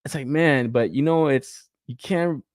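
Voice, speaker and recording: Animated swearing young man, dry mic. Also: mid-range voice, a little slow, dry recording. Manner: animated, swears freely, laughs often. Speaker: podcast host. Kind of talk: casual toy-collector chat reacting to reveals.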